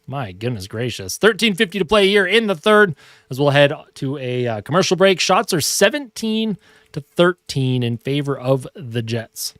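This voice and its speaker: A young man calls a hockey game for his live stream, excitable and chatty. His voice sits a little high. The sound is dry and close, with no room echo. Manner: excitable calls that break off to coo at his cat. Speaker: fan streamer doing live play-by-play. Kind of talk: casual live play-by-play commentary. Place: home room at his monitor.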